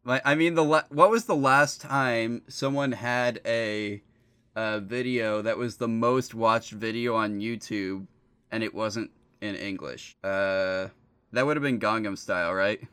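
A young man co-hosting a podcast, talking in a relaxed, dry way with many fillers. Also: on the low side, unhurried, clear, resonant tone. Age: young adult. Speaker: podcast co-host. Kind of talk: casual podcast banter.

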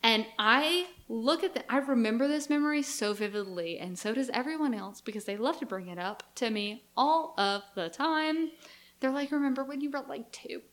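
A woman's voice: on the high side, expressive, moderate pace, fairly bright tone. A young woman co-hosting a podcast, telling a childhood story in casual chat and acting out her family's reactions. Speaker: podcast co-host.

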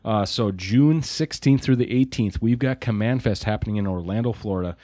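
A man's voice: on the low side, brisk, dark tone, no room sound, studio quality. A man hosting a casual podcast, joking while reading out event dates and places. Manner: joking, reads lists of places. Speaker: podcast host.

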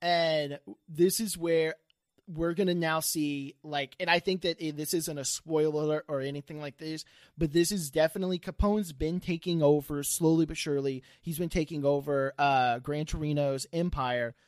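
Male podcast host, slightly high voice, rambling recap, dry close sound. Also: steady tone, dry recording. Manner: rambling, halting recaps with laughs. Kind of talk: casual podcast chat.

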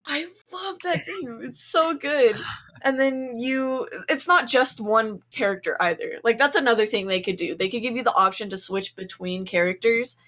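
A woman's voice: a little high, moderate pace, fairly bright tone. A woman guesting on a podcast, chatting casually, rambling with lots of fillers and casual swearing. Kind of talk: casual chat.

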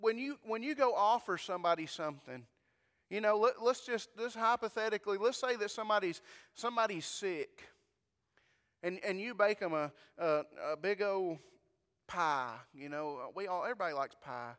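A man's voice: sits high, normal speed, a bit bright, clean tone, in a large hall. A male pastor preaching a sermon in a conversational way, asking the congregation questions and often repeating his words.

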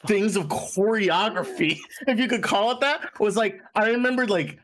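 A man's voice: sits high, moderate pace, a bit bright. A man co-hosting a podcast, chatting casually in a rambling way with many fillers and frequent laughs. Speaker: podcast co-host. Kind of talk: casual chat.

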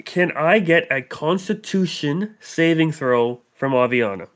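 Calm man running a tabletop game. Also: fairly high pitch, a little slow. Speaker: game master.

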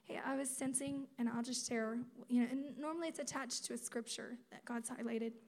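A woman giving a sermon at a conference, conversational and animated, acting out quotes as she teaches. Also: fairly high pitch, brisk. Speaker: speaker at a campus ministry conference.

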